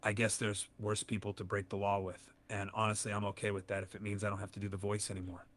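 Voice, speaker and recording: Synthetic male AI companion, lower pitch, easygoing and measured. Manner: calm, good-natured, measured. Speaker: AI chat companion. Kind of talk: conversational AI replies.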